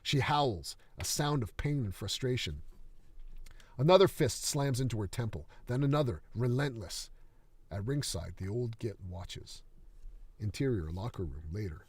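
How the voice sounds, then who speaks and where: A man reading his screenplay aloud in a steady, dramatic manner. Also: medium pitch, measured pace, husky, no echo.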